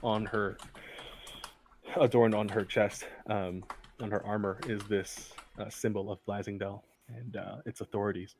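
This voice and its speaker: A man narrating as game master for a tabletop game, halting with many fillers. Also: on the low side, flat delivery, darkish tone, a little hiss or hum.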